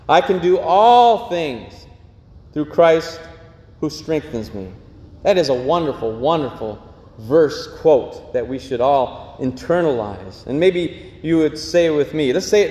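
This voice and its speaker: In an echoey church hall, a pastor with a mellow, somewhat high voice preaches a sermon. He is earnest and tends to repeat phrases.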